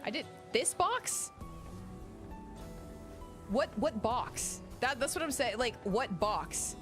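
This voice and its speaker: A woman streaming a video game in casual, profane chat, swinging between low mutters and excited shouting over game music. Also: slow. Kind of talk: casual let's-play chat. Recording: game music playing behind.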